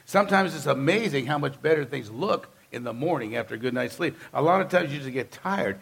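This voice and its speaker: A male pastor delivering a sermon with a gravelly, slightly raised voice. He keeps it conversational but emphatic, and he hammers points home by repeating phrases. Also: a little high, expressive, a little fast, hardly any pauses, fairly bright tone.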